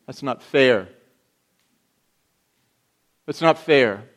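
An aggrieved churchgoing man, put on by a preacher in the middle of his sermon, pleads loudly and insists he is owed something. His voice sits at an ordinary middle pitch, raised and complaining. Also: animated, extremely slow. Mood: indignant. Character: indignant adult male churchgoer demanding things from God.

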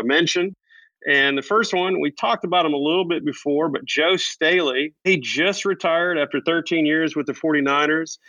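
A man's voice: medium pitch, a bit bright, no echo, lo-fi sound. A man co-hosting a casual sports podcast, talking in a playful, teasing way and laughing often. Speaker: podcast co-host.

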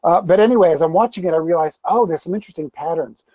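A man's voice: on the high side, quick pace, dark tone, no echo, muffled recording. A man, a pastor guest in an interview, talking candidly and with self-deprecating humor, telling stories with quoted asides. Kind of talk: conversational interview.

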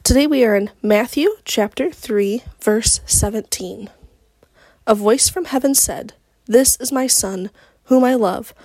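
Young female podcast host, eager and heartfelt, bright higher voice, dry recording. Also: unhurried, no room sound. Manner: earnest and enthusiastic, fillers like "like". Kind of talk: casual devotional talk.

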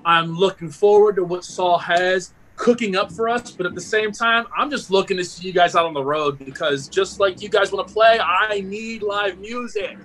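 A man from Maryland hosting a casual podcast interview from home, relaxed and chatty, laughing easily. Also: sits high, moderate pace, hardly any pauses, slight background noise, poor audio. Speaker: podcast host.

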